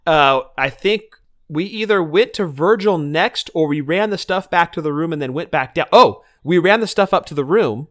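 A man with a slightly high voice chats casually on a podcast. He tells long stories with plenty of fillers and acts out bits of conversation along the way. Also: moderate pace. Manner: animated storytelling with fillers. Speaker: podcast co-host. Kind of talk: casual chat.

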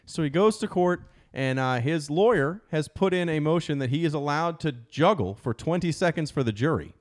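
A man's voice: on the high side, animated, moderate pace. A man hosting a comedy radio show, telling news stories with self-deprecating jokes and frequent laughter. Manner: joking, self-deprecating storyteller, laughs mid-sentence.

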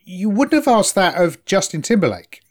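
A man's voice: sits high, big pitch swings, moderate pace, a little mellow. A man in casual chat, explaining at length and often asking "right?" for agreement. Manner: chatty, explaining, asks for agreement.

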